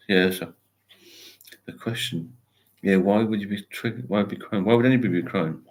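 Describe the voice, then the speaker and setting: An older man hosting a casual livestream, rambling as he reads viewer comments aloud and answers them with encouragement. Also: deep voice. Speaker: host of a sobriety livestream. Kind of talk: casual live chat.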